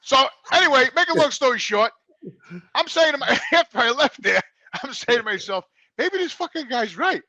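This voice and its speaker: High, bright-voiced excitable New man. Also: moderate pace, no echo, rough recording. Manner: excitable storyteller, swears a lot, repeats words. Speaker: regular co-host. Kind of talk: casual chat, storytelling. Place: studio.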